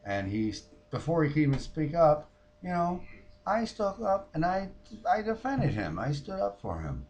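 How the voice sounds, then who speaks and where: A man's voice: a little high, very animated, normal speed, darkish tone. A man playing a foul-mouthed, fed-up woman who rants about her neighbors in a comic monologue. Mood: fired up. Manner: profane, ranting, mimics others.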